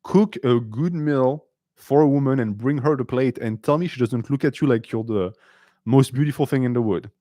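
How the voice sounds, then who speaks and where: A man's voice: medium pitch, moderate pace, mellow, dry recording, clean studio sound. Blunt, sarcastic male stream host. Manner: blunt, sarcastic, switches between English and French. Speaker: host answering viewer questions. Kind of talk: casual live-stream Q&A.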